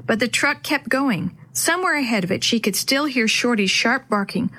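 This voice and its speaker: A woman reading a chapter book aloud to children as host, with clear, expressive storytelling. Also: a little high, moderate pace.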